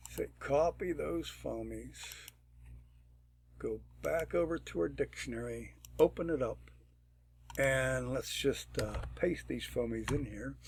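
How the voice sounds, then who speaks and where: Slow, gravelly man explaining software. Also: medium pitch, slight background noise. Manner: unhurried, thinking aloud with fillers and throat clearing. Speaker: tutorial presenter. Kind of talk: screen-recorded programming tutorial.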